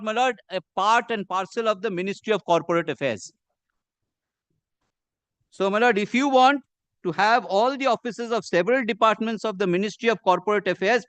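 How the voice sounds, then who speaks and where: A man with an Indian English accent, arguing a case before a judge in measured, deferential courtroom speech. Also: sits high, fairly bright tone, clean tone, dry recording. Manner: measured and deferential, says "my lord" constantly. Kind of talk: formal courtroom argument.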